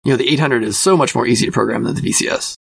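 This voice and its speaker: A soft-spoken man talks his way through a magazine article, hedging and circling back with plenty of fillers. His voice sits at an ordinary middle pitch. The recording is close and dry, with no room sound. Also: very fast, vocal fry, no room sound. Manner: thoughtful, hedging, self-reflective with many fillers; describes himself as a quiet person. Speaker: podcast host reviewing a magazine. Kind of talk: casual spoken commentary.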